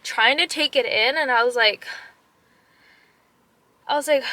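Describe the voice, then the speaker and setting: Young mom venting on her vlog, high bright voice, lots of "like", switches into spanish bits. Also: moderate pace, pauses often, dry recording. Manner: animated retelling, many "like" fillers, drops Spanish phrases; upset and emotional. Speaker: vlogger. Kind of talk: casual storytime vlog.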